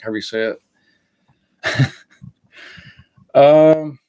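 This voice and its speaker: A man's voice: medium pitch, measured pace. A man hosting a live fragrance review in a casual, rambling way, with many fillers and self-corrections.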